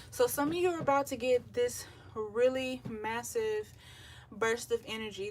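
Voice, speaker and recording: A slightly high-voiced woman talks slowly through a live tarot reading, breathless and easygoing, scattering ums between her thoughts. Her voice sits a little away from the mic, with faint beach surf washing in behind her. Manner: relaxed, chatty, many filler ums. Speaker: tarot reader. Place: home by the beach, windows open. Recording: voice a bit far from the mic, faint surf noise. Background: faint beach waves.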